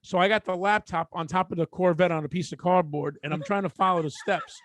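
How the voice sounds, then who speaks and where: Quippy New York podcast co-host. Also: male voice, high voice, fairly even intonation, fairly quick, a bit bright, no room sound. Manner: chiming in with quips, profane, laughing. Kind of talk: casual podcast banter.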